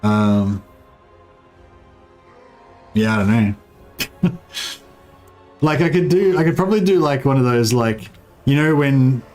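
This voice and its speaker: A man's voice: medium pitch, expressive, takes it slowly, long pauses, darkish tone, soft background music. Rambling Australian man streaming a game. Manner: rambling, swears freely, trails off and restarts. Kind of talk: casual livestream chat while playing.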